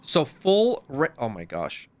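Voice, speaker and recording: A man's voice: mid-range voice, huge pitch swings, slow pace, a little mellow, no echo. A young man giving casual commentary while streaming a game, often exasperated and swearing.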